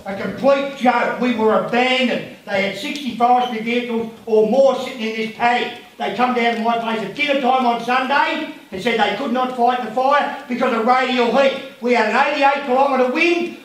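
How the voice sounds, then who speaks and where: A man's voice: very high-pitched, steady tone, moderate pace, hardly any pauses, fairly bright tone. An emotional Australian man, a local resident, speaking bluntly and angrily at a community meeting, swearing as he airs his complaints. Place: community hall. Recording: very echoey hall from a distance, faint noise.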